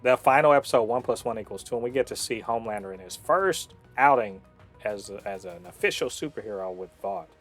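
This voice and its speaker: A man co-hosting a review podcast in casual chat, animated and profane, with lots of fillers and restarts. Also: medium pitch, fairly quick, faint music behind. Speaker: podcast co-host reviewing shows.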